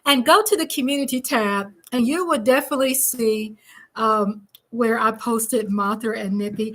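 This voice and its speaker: Woman host, bright high voice, bubbly chatty livestream energy from home. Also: moderate pace. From Texas. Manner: bubbly, chatty, laughs often. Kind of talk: casual livestream chat.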